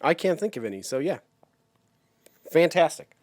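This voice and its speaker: A man's voice: on the high side, big pitch swings, normal speed, darkish tone, dry recording. Laid-back man, dry close mic. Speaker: podcast co-host. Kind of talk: casual chat.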